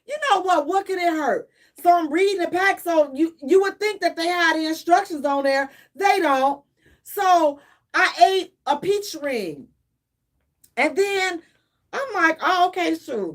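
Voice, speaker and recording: A woman's voice: high voice, fairly bright tone. A middle-aged woman, co-hosting a radio talk show and dramatically acting out her own panic as she tells a story. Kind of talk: animated storytelling chat.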